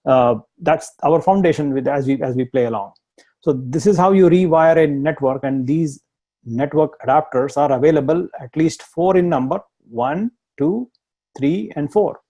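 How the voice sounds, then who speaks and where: A man's voice: fairly high pitch, moderate pace, mellow. A man with an Indian accent teaching a live online tech lesson, explaining step by step, repeating points and laughing at himself. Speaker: instructor.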